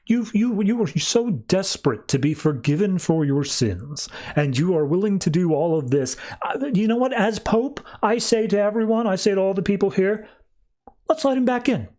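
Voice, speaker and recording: A self-important male alien pope who preaches with pompous grandeur, performed by a man retelling a comic. The voice rides well above a normal speaking pitch and swoops with lofty emphasis. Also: lively intonation, normal speed, warm tone. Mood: grandiose.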